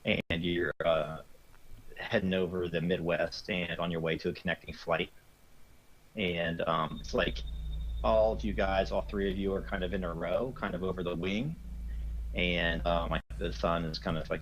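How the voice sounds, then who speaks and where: A man's voice: sits low, fairly bright tone, highs cut off, a little hiss or hum. A man narrating as game master of a tabletop game, rambling with many fillers.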